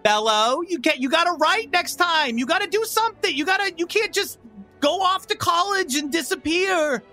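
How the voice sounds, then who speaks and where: A gushing, sing-song mother in a tabletop game, teasing her grown kid in a high, swooping, lively voice, as the game master puts her on. Her tone is bright and cheerful, with faint music running underneath. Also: moderate pace, heavily acted. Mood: scolding. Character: excitable doting mother, middle-aged woman. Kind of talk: tabletop role-play voice acting.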